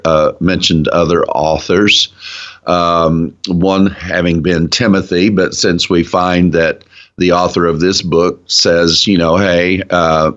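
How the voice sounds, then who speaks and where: A man with a very deep voice talks slowly and earnestly as a guest in a casual Bible discussion. He is clearly enthusiastic about his subject. The audio is muffled and lo-fi. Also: fairly bright tone. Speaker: guest, ministry founder.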